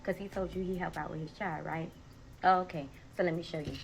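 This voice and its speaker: Young woman, gravelly, lowish voice, sassy, storytime vlog. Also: fairly even intonation, fairly quick, soft background music. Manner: sassy, direct, addresses viewers as y'all. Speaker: storytime vlogger. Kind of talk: casual storytelling to followers.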